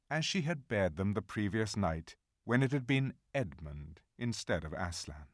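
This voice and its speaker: A man narrating a fantasy audiobook in a measured, dramatic storytelling manner. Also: fairly low pitch, no echo, studio quality.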